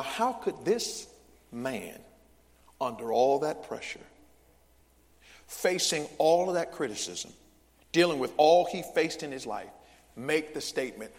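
A male pastor preaching a sermon, leading the congregation in call-and-response with loud, emphatic bursts. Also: medium pitch, sing-song, a little slow, long pauses. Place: large church sanctuary. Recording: long church hall reverb.

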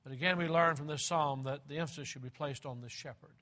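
A man delivers a sermon in a fairly high, bright and forceful voice. He leans hard on repeated phrases, slowing right down for emphasis. He moves between loud and hushed passages. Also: fairly even intonation. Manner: emphatic, slow and deliberate, repeating key phrases. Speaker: preacher.

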